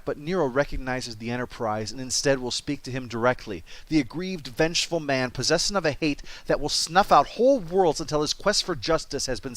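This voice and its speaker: A man's voice: mid-range voice, a bit bright, no echo. A man narrating a comedic game review, full of sarcastic wisecracks.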